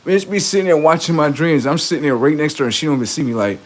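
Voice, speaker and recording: Profane, animated man ranting on a livestream. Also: on the high side, rapid-fire, few pauses. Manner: profane, boastful, laughing, acts out quoted voices. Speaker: livestream host. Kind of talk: rambling livestream monologue.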